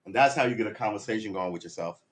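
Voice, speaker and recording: A man with a lowish voice rambles through a casual live stream from a room at home while he practices guitar. He mocks himself and talks back to himself in a loose, offhand way. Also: very fast.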